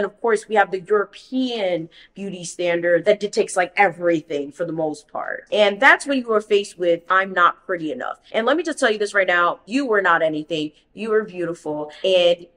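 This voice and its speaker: Young woman, New Jersey accent, slightly low voice, blunt, profane, animated vlog talk. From New Jersey, USA. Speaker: YouTube host. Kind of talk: casual opinion vlog.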